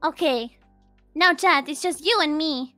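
Very high, bright, playful woman. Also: a little slow, no echo, soft background music. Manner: dramatic, giggly, mock-pleading. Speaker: VTuber guest. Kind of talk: playful livestream chat. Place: home streaming setup.

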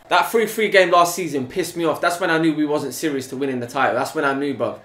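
Bright-voiced London football fan. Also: male voice, a little high, reverberant. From England. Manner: excitable, slangy, yells at the match. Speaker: football fan reaction channel host. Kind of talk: live match reaction. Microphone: desktop USB mic.

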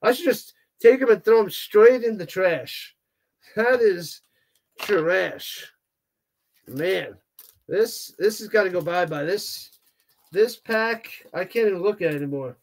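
Guy with a high voice hosting a live stream, chatty and animated, groaning and exclaiming as he goes. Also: slow. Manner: animated, exclaiming, groaning at bad card pulls. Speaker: host of a live hockey watch party stream. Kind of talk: casual livestream chat, reading viewer comments.

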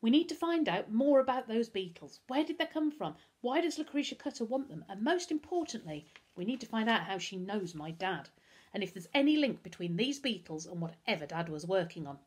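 A woman's voice: lowish voice, expressive, brisk, slightly rough. A woman voicing a determined, worried young boy hero who speaks urgently and pleadingly in a storybook reading.

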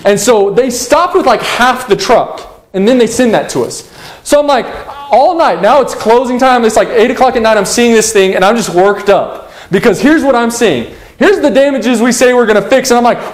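A young adult man preaching a sermon as pastor, telling animated stories with humorous asides and acting out his own past rants. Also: very high voice, a little fast.

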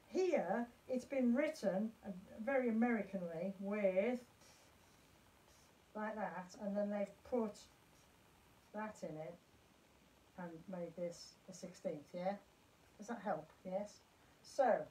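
A woman's voice: medium pitch, unhurried, a little mellow. A woman music teacher leading a live-streamed lesson for parents in a chatty, encouraging way, chanting rhythm syllables. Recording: voice from far off the mic.

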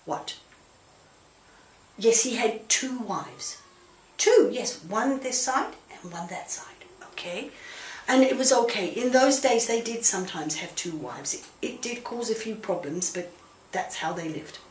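Gentle woman telling a children's Bible story. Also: medium pitch, lively intonation, a little slow, slight background noise. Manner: gentle and coaxing, asks the puppet questions. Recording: roomy echo.

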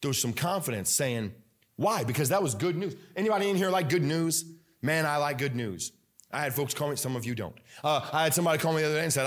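A man preaches a sermon in a church. He tells lively stories with many fillers, restarts and repeated phrases, and his voice sits at an ordinary pitch for a man. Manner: energetic, animated storytelling with many fillers and repetition. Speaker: pastor. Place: church sanctuary.

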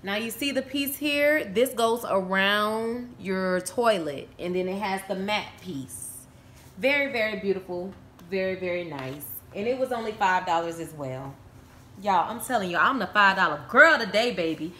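Excitable chatty woman in an echoey room. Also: mid-range voice, normal speed, slight background noise. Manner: excitable and chatty, addressing viewers as y'all. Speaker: vlogger showing a shopping haul. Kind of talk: casual chat to camera. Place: room at home.

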